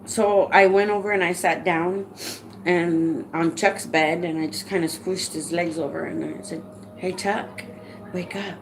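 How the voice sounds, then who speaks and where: A woman who works as a home care provider, earnestly telling her viewers a personal story in a halting way, often dropping to a soft, hushed voice. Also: fairly low pitch, steady tone, a little hiss or hum, poor audio.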